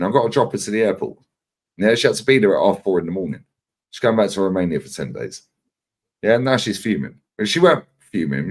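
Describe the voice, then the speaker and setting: Swearing, animated man in his forties. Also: on the low side. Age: 40s. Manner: animated, swears freely, acts out others' lines. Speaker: regular guest on a fan livestream. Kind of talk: casual storytelling chat.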